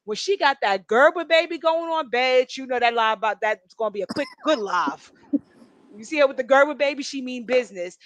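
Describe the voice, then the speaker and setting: Woman, higher voice, blunt, profane, gossipy chat, dry close sound. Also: no room sound. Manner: animated, blunt, profane storytelling. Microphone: video call.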